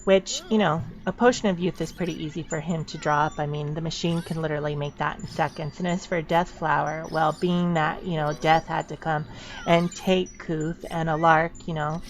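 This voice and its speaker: Brief: woman host, low-pitched, vocal fry, loose rambling narration over game footage, faint hiss behind. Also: fairly even intonation, normal speed. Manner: rambling, full of fillers and restarts. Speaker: channel host. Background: wind chimes.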